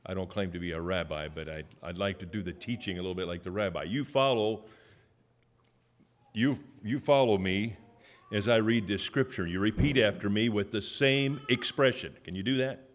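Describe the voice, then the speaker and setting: A man with a fairly low voice preaches to a church. He speaks haltingly, with fillers and restarts, then reads scripture one loud, stressed phrase at a time. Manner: emphatic, rising to loud stressed phrases when reading scripture. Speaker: guest preacher. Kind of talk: sermon with call-and-response reading.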